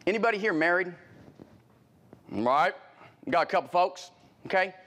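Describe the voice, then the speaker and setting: Animated man giving a sales training talk. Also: sits high, normal speed. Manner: animated, acts out scenes with sudden loud exclamations; punchy repeated phrases and rhetorical questions.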